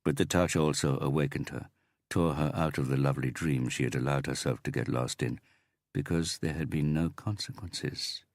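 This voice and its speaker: Very deep-voiced male audiobook narrator. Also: steady tone, normal speed, dry recording, studio quality. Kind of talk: scripted narration.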